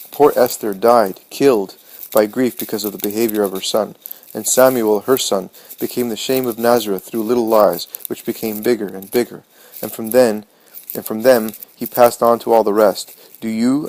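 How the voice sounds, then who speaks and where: A man voicing a grave, gentle mother who reproaches a young man slowly and seriously in a low voice, in an audiobook reading. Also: lightly acted, low-quality recording.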